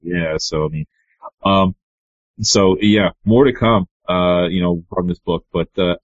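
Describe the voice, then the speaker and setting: A man co-hosting a casual comic book podcast, relaxed and full of fillers. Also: sits low, unhurried, dry recording, lo-fi sound. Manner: relaxed, frequent "you know" and "uh". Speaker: podcast co-host.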